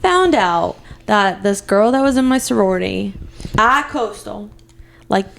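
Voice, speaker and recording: A young woman co-hosting a podcast, telling stories in an excitable, giggly way. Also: mid-range voice, a little slow, gravelly. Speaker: podcast co-host. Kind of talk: casual chat.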